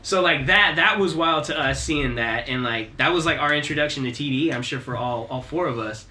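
A man's voice: fairly high pitch, a little fast, sharp tone, a little hiss or hum. A man co-hosting a casual music chat, rambling and enthusiastic, laughing often. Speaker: podcast co-host. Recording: echoey room.

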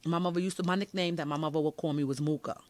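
A woman's voice: low-pitched, racing, no room sound. A woman hosting her own show, telling a personal story in a candid, slangy way. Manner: candid and animated, slangy, swears freely. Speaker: podcast host.

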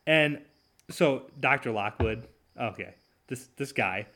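A man hosting his own talk show, alone at the mic, with a voice of middling pitch. He rants in a sarcastic, mocking way, with plenty of ums and uhs as he goes. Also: slow pace, sharp tone. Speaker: podcast host. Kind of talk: solo talk show commentary.

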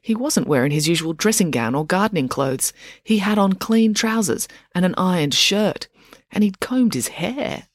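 A woman reading a children's story aloud in a lively, playful narration. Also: fairly low pitch, normal speed, no echo, clean studio sound. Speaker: audiobook narrator. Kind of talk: scripted narration.

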